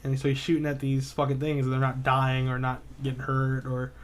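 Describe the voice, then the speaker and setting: A man's voice: mid-range voice, monotone, fairly quick. A man co-hosting a podcast in casual chat, rambling through a retold story with lots of swearing and filler words. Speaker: podcast co-host.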